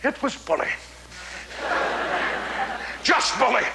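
A hearty, chuckling old statesman spins his tales. His high, bright voice leaps all over the place, exclaiming and savoring each word, and the sound rings around a roomy, echoey stage. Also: animated, slow, vocal fry, very noisy, exaggerated voice. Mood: amused, chuckling. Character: hearty, exuberant older male statesman telling hunting tales. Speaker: actor in a one-man stage show. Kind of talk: theatrical storytelling monologue.

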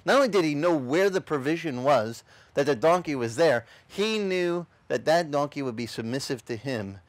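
Animated high-voiced male pastor. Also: moderate pace, no echo. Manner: animated, acts out voices and shouts in quotes. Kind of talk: lively sermon.

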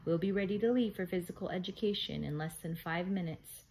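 A woman's voice: on the low side, fairly quick, a little mellow, a little hiss or hum, close to an everyday voice. A strict, mysterious schoolteacher woman with a strange foreign-sounding accent, as a woman reading a storybook puts her on. She speaks in a clipped, stern way. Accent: strange put-on foreign accent. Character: strict mysterious female teacher.

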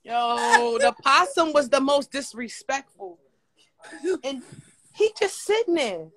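A woman's voice: high-pitched, slow. A woman telling a long, profane story in casual chat, repeating words for effect. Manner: animated, profane, repetitive storytelling. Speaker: storyteller on a livestream.

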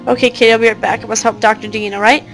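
Woman doing a scared little girl begging her cat to talk, kinda high voice. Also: level tone, rapid-fire, vocal fry, a bit bright, faint music behind. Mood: pleading. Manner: pleading, anxious. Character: troubled young girl searching for her cat.

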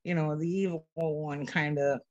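A man joining a prayer call to share a personal testimony, halting and full of restarts, getting weepy as he talks. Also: a little high, fairly even intonation, a little mellow, no room sound, lo-fi sound. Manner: halting, many restarts, tearful. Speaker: participant sharing a testimony. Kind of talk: emotional personal sharing.

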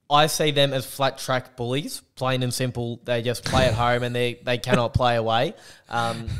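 An Australian man with a slight lisp talks sport casually on a podcast. His voice is smooth and resonant at an ordinary middle pitch. He gives blunt, lively opinions. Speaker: podcast host.

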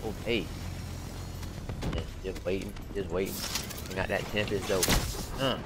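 A young man casually commenting on his own gameplay as host, slangy and animated, repeating phrases and yelping when excited. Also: sits low, unhurried, very noisy. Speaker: gaming channel host.

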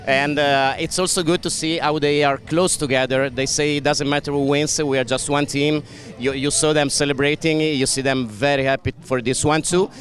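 A man's voice: a little high, fairly even intonation, moderate pace, a bit bright. Chatty man reporting live trackside. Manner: chatty, hesitant with many fillers. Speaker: pit-lane reporter.

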